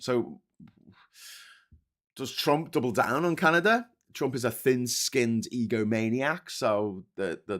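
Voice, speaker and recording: A man's voice: medium pitch, bright, forceful tone. A man hosting a casual political livestream, talking bluntly with frequent swearing and reading viewer comments aloud. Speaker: host of a morning politics livestream.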